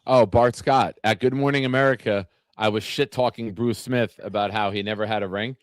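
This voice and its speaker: A man's voice: fairly low pitch, fairly even intonation, brisk, no room sound. Brash joking man hosting sports talk. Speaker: podcast host. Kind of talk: casual sports talk show.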